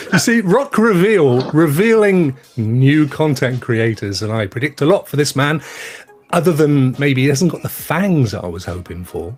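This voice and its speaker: A man's voice: medium pitch, animated, unhurried. A man hosting a live show, joking and teasing as he introduces his panel. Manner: jokey, teasing introductions with lots of laughs. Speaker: podcast host. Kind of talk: casual live show banter.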